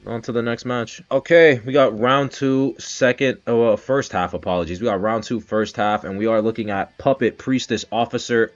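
Male game streamer, low voice, excitable and swearing, dull lo-fi audio with faint guitar behind. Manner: excitable, swearing, bursts into loud shouts. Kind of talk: casual live game commentary.

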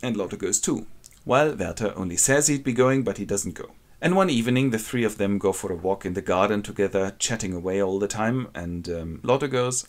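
A man's voice: fairly low pitch, lively intonation, fairly quick. A man wryly retelling a classic novel as a comic summary. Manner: wry, ironic storytelling. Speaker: narrator.

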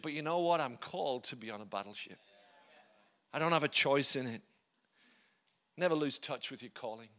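A male pastor preaches in church with emphasis, frequently dropping into quiet, low tones for effect.

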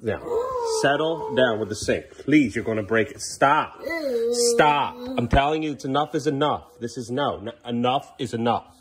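Animated dad coaxing his kids. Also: medium pitch, moderate pace, crowd noise. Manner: coaxing then firm with children, chatty asides to camera. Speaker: father. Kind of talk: family vlog narration while caring for kids. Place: home kitchen.

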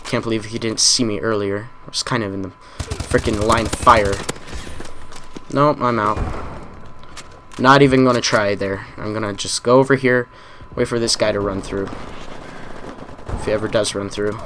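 A man's voice: fairly low pitch, steady tone, normal speed, pauses often, background noise. A man hosting a gaming channel, giving live commentary on a shooter match in a frustrated, ranting manner full of swearing. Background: game gunfire.

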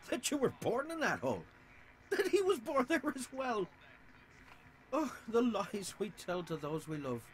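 An actor with an Irish accent playing a sly, theatrical middle-aged saloon owner in a video game. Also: male voice, high-pitched, big pitch swings, measured pace. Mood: smug. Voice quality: theatrical, smug and oily.

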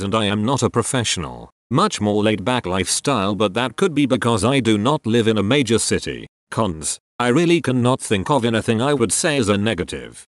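Lively low-voiced man reading posts. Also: no room sound. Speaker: narrator reading forum posts. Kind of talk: scripted narration. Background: faint background music.

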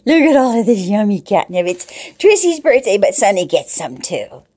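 A woman's voice: mid-range voice, very animated, moderate pace, few pauses, dark tone, slightly rough. A woman in a home video, cooing baby talk to her cats with frequent gasps and small laughs. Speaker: cat owner filming her pets.

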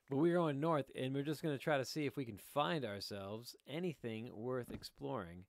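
Gravelly man rambling over gameplay. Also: medium pitch, normal speed. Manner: rambling, jokey, talks to viewers while playing. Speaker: gaming video host. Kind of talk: casual let's-play commentary. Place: room at home.

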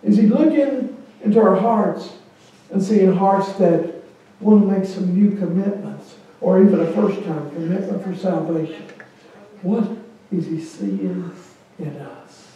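A man's voice: high voice, measured pace, mellow, lo-fi sound. A man preaching as a pastor, earnestly inviting his congregation to come forward and pray before communion. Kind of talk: sermon and communion liturgy. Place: church sanctuary. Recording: echoey church from a distant mic.

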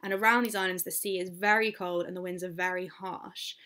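A woman's voice: lowish voice, fairly even intonation, brisk, pushed and bright. Woman, English accent, teacher, poetry lesson, explanatory, talks through ideas with fillers and self-corrections.

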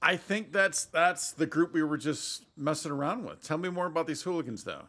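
A man's voice: a little high, animated, a little fast, sharp tone. A man playing a video game and commenting casually, rambling and hesitating as he talks. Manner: rambling, hesitant, chatty asides. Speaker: gaming YouTuber. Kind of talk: let's play commentary.

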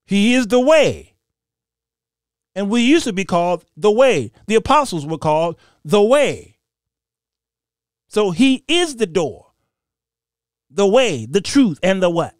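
Animated man preaching with high lively pitch. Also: no room sound, clean studio sound. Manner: laughing, mocking, reading scripture aloud. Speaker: host of a Bible commentary show.

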